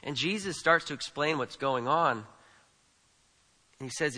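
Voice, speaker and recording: Speaking unhurriedly with long pauses, a pastor uses a slightly high voice that sounds pushed and bright. Long hall reverb surrounds his conversational, forceful sermon, where he repeats himself often and keeps asking the congregation "right?".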